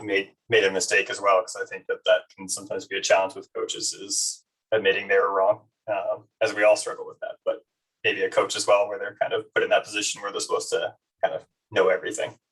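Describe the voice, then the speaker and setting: A man moderating a webinar panel over a video call in an easygoing, steady way. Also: on the low side, fast, breathy edge, far from the mic, rough recording. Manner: easygoing, steady, wraps up politely. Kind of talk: hosting a webinar.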